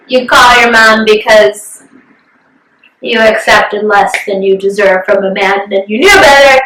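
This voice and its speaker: A woman's voice: mid-range voice, steady tone, unhurried, a bit bright, reverberant, far from the mic, slight background noise, low-quality recording. A young woman co-hosting a podcast, chatting candidly, swearing freely and acting out what others said. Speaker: podcast co-host. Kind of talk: casual chat.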